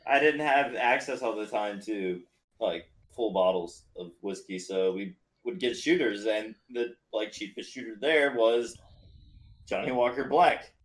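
A man's voice: on the low side, rough recording. A man hosting a podcast, chatting casually with blunt, joking remarks. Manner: blunt, joking, quick interjections. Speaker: podcast host. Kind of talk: casual chat.

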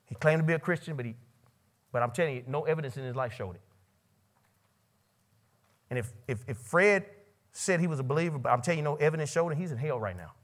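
A man preaches a sermon at a college ministry meeting. He questions the audience directly and swings from loud, soaring lines to quiet, low ones. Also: fast, long pauses. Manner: preaching with sudden loud rises and quiet drops. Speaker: pastor.

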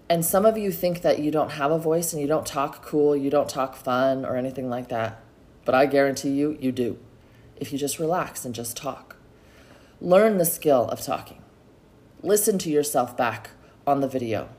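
This middle-aged podcast host talks solo at normal speed, her low voice a little mellow. Chatty and uplifting, she offers motivation and speaks to her listeners as "y'all."

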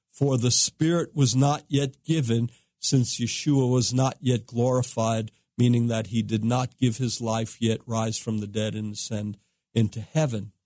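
Slow, emphatic man teaching scripture. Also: mid-range voice, darkish tone, no echo, clean studio sound. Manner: unhurried, emphatic scripture reading. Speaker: rabbi. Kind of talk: podcast teaching.

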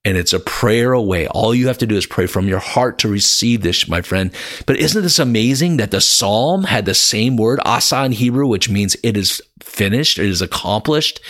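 A man of ordinary pitch leads a devotional Bible lesson, talking directly and warmly to his listener. His earnest delivery keeps climbing into fervent, emphatic high points. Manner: earnest, swells to excited exclamations, addresses listener as my friend. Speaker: Bible teacher.

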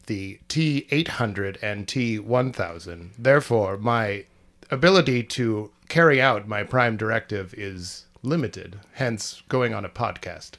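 A man voicing a single-minded male robot assassin, speaking in a flat, stiff manner that sometimes glitches into repeats. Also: lowish voice, measured pace. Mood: deadpan. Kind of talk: improvised comedy podcast bit.

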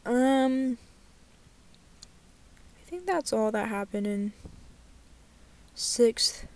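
Speaking extremely slowly, a young woman with a fairly high, darkish voice and lively intonation tells a casual storytime vlog from inside her car. She's candid and sweary, with "like" filling her talk.

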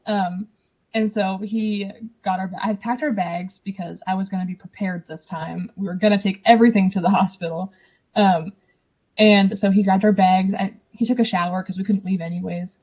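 A young woman, a podcast guest, casually recounting a personal story in an animated way, acting out what others said. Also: medium pitch, normal speed, breathy edge. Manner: animated, acts out quoted dialogue.

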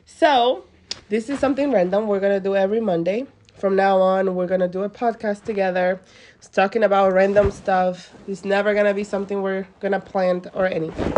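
A woman's voice: medium pitch, a little mellow. Giggly chatty woman podcast host. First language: Spanish. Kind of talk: casual podcast chat.

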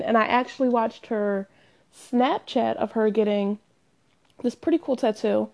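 A woman talking casually to camera in a chatty, self-deprecating, animated way. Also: mid-range voice, unhurried, lo-fi sound. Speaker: vlogger. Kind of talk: confessional casual monologue.

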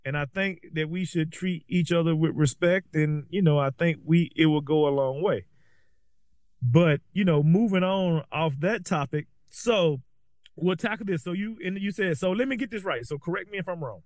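A middle-aged man from the American Deep South hosting a casual conversation, earnest and rambling, often repeating words as he starts sentences. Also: moderate pace, darkish tone, no room sound, studio quality. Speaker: host.

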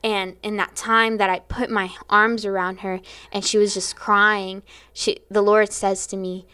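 A young woman in an interview, telling a personal story with animation. She laughs easily, and her voice sits at a middle pitch. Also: little pitch movement, a little slow, bright, forceful tone, clean tone. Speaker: guest sharing testimony.

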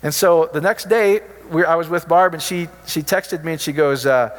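A man's voice: on the high side, normal speed, few pauses, big-room sound. A man preaching informally, telling healing stories in a chatty, joking storytelling way. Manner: chatty storytelling, jokey asides. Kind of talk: informal sermon with testimonies.

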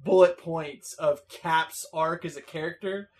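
Young male co-host, high voice, relaxed and chatty, quick to laugh. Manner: laughs often, easygoing. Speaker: podcast co-host. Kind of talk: casual chat.

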